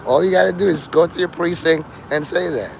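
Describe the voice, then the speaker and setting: A man with a somewhat high, gravelly voice rambles through a profane, free-associating live stream. He talks straight to his chat from outdoors on a city street, with faint noise behind him. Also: brisk. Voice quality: gravelly, strained voice he calls his normal one. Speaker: livestreamer.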